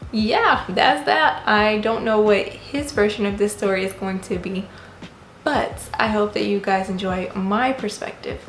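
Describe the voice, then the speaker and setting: Gravelly-voiced woman, playful and earnest. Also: medium pitch, slight background noise. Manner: playful and emphatic, then earnest and prayerful. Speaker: wife telling how the couple met. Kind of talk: casual storytelling with a faith message. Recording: roomy echo.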